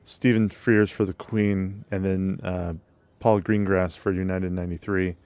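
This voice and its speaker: A man's voice: deep voice, little pitch movement, measured pace, a little mellow, clean tone, no echo. A man co-hosting a casual movie podcast, easygoing and a bit hesitant, with fillers as he talks. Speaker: podcast co-host. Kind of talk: casual chat.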